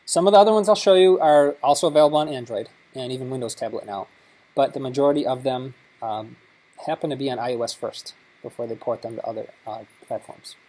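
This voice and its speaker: A man with a husky, slightly breathy voice leads a conference workshop, walking through an app step by step in an easygoing, chatty way. His pitch sits in an ordinary middle range. It sounds like a live session in a meeting room. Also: quick pace, mellow, poor audio. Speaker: workshop presenter. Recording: live conference talk recording.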